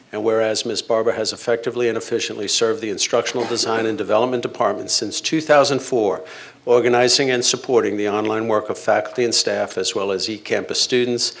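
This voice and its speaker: A man reading out a formal board resolution in a measured, ceremonial way at a board meeting. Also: medium pitch. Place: board meeting room with audience.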